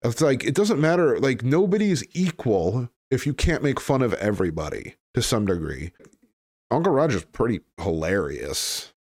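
A man's voice: medium pitch, big pitch swings, normal speed, a little mellow, dry recording, studio quality. A man hosting a podcast in casual chat, rambling and blunt, with frequent fillers and swearing. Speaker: podcast host.

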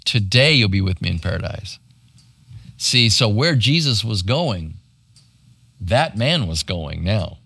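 Lively, bright-voiced male pastor teaching. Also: on the low side, takes it slowly, gravelly, pauses often, breathy edge, no room sound. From United States. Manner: conversational teaching, asking "right?" often. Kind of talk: sermon.

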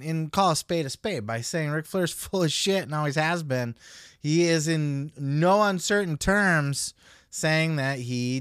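A man's voice: a little high, a bit bright, dry recording, studio quality. A man hosting a podcast, giving casual solo commentary in a blunt, profane, opinionated way. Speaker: podcast host.

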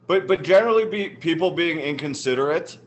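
A man's voice: fairly high pitch, expressive, a little fast. A man in a casual chat, telling irritated, rambling anecdotes. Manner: annoyed, rambling anecdotes with restarts.

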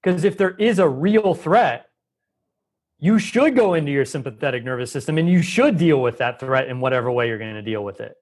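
A man on a podcast explaining health ideas at length, lively and talkative, often acting out quoted voices. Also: medium pitch, a little fast. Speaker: guest expert on holistic health. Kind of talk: conversational podcast interview.

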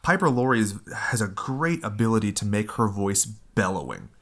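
A man with a somewhat low voice leads a casual film discussion. He talks in an animated, analytical way, chatty and full of asides. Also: normal speed.

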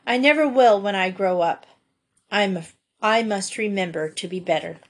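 A woman's voice: medium pitch, normal speed, lightly acted. A woman reading aloud, voicing an earnest, dramatic young girl who loves telling stories. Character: bold storytelling girl.

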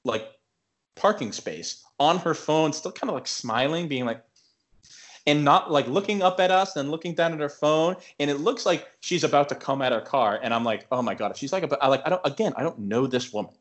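A young podcast co-host tells a story in a fairly high-pitched, brisk voice. His telling is rambling and casual, packed with filler words and restarts.

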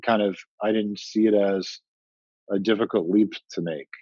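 Casting: low, husky male founder, animated storyteller, slightly muffled podcast sound. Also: moderate pace, no echo. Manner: animated storytelling, acts out quoted dialogue. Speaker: startup founder and guest. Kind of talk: casual interview talk. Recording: muffled dry podcast audio.

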